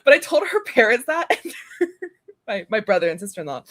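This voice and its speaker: A woman chatting casually as co-host, telling animated stories and laughing often. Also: fairly high pitch, brisk. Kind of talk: casual chat.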